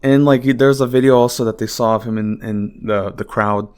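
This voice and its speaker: A man's voice: medium pitch, steady tone, fairly quick, a little mellow, clean tone. Rambling, profane male podcast host. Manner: rambling, profane and exasperated, heavy filler words. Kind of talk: casual solo podcast monologue.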